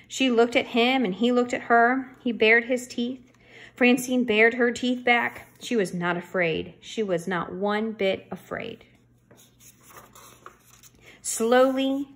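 Female reader, slightly high voice, lively storybook read-aloud with playful character voices. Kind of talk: reading a children's chapter book aloud.

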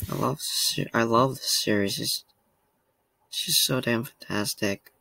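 A man's voice: mid-range voice, a little slow, gravelly, sharp tone, dry recording. A man hosting a reaction vlog, talking casually to the camera in a rambling, emotional way and laughing at himself often. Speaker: reaction channel host. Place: home room.

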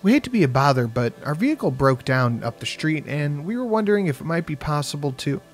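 A man's voice: a little high, big pitch swings, a little fast, soft background music. A man voicing a brash, joking young man who talks in a breezy, mock-polite way.

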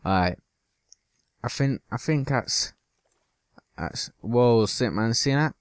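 A man's voice: medium pitch, expressive, takes it slowly, pauses often, clear, resonant tone, dry recording, clean studio sound. A man giving loose, joking commentary over his own gameplay, swearing now and then and slipping into silly bits. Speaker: gaming channel host.

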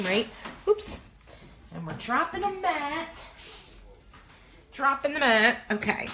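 A woman's voice: mid-range voice, fairly bright tone, a little hiss or hum. A woman hosting a crafting livestream, chatting casually and greeting viewers by name in a bubbly, talkative way.

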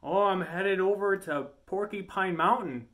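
A man's voice: high voice, unhurried, a bit bright. A man putting on a folksy Yooper drawl. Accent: Upper Peninsula Michigan, put on. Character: folksy Upper Peninsula man with a Canadian-sounding accent.

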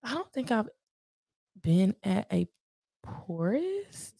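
A woman in her late twenties in casual podcast chat, animated and talkative, often asking "you know what I mean.". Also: medium pitch, slow, vocal fry, husky, dry recording, clean studio sound. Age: 20s. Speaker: podcast guest.

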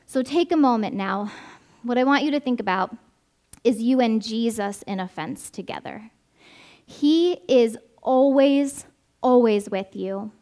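A woman's voice: on the high side, a little slow, mellow. A woman giving a conversational sermon, stressing points through repetition and often checking in with "right?", then leading a prayer. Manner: emphatic repetition; leads a closing prayer. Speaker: preacher. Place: church service.

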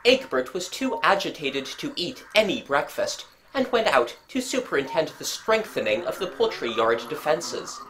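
A woman narrating a short story in an expressive, measured reading. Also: deep voice, slight background noise, poor audio.

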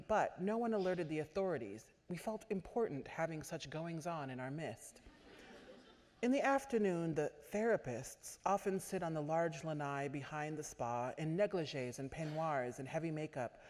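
A woman author giving a measured literary reading at a stage microphone in a large auditorium. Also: low voice, a little mellow. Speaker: author reading her fiction. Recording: echoey auditorium.

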